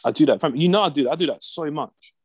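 A man's voice: fairly high pitch, fast, a little mellow, slightly rough, no echo. A young man, co-hosting a podcast in laid-back, slang-heavy banter and laughing often. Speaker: podcast co-host. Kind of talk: casual chat.

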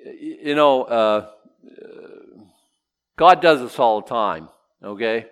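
A man's voice: mid-range voice, expressive, slow, long pauses, a bit bright, clean tone. A man preaching a casual, humorous sermon, stopping to joke and voice imagined objections. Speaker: pastor. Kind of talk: sermon with verse-by-verse teaching.

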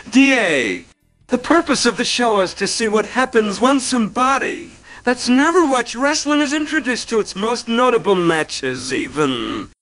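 A man's voice: very high-pitched, sharp tone, pitched above the performer's own voice, full character voice, rough recording. A man voicing a flamboyant male robot announcer who gives a flowery, theatrical scripted introduction to a show.

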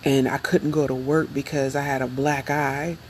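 A young adult woman speaking slowly and reflectively in an emotional, confessional personal vlog. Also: extremely low pitch, flat delivery, a little mellow, a little hiss or hum, poor audio. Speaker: vlogger.

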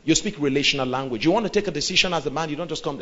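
Animated male preacher. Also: fairly high pitch, rapid-fire, muffled recording. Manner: animated, acts out quoted voices, checks in with the audience. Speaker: pastor. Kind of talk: relationship teaching sermon.

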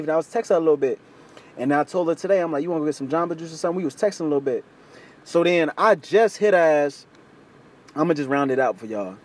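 Young male podcast host, fast storyteller, crude slang, animated voice jumps. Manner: animated, acts out quoted voices with big pitch jumps; crude slangy street talk. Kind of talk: casual storytelling chat.

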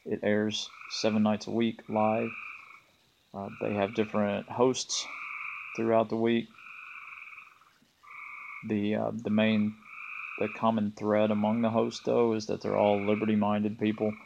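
Laid-back Southern man, gravelly and low. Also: lo-fi sound, background noise. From American South. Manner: relaxed, laid-back, halting with many ums. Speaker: podcast host. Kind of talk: casual solo podcast monologue. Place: front porch of an off-grid cabin.

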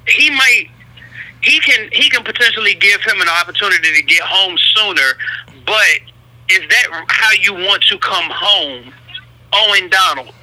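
A man with a high, very bright voice chats on a casual podcast. He explains his view in long, rambling, detailed stretches, circling back to make his point. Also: lively intonation, measured pace, rough recording. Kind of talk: casual conversation.

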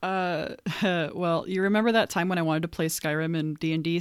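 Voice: medium pitch, moderate pace, smooth, no echo, studio quality. A podcast co-host chatting casually about tabletop games, laughing often and making playful asides.

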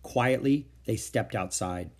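A man reading a children's chapter book aloud, narrating gently and expressively. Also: fairly low pitch, slow. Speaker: audiobook reader. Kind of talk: storybook read-aloud narration.

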